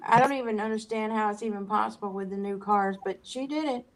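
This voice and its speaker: A middle-aged woman in casual chat, retelling family stories in an animated way. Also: mid-range voice, fast talker.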